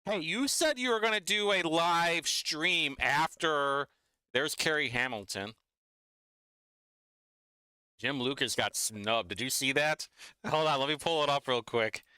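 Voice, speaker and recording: A man's voice: on the high side, measured pace, long pauses, sharp tone, clean tone, no room sound. A man hosting a casual live watch-along stream, talking in a chatty, mocking, rambling way.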